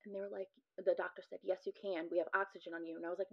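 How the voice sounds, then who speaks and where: A woman's voice: lowish voice, little pitch movement, fast talker, vocal fry. A woman in her thirties, a podcast guest, retelling a frightening experience with many "like" fillers. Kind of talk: recounting a personal story. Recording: muffled lo-fi audio.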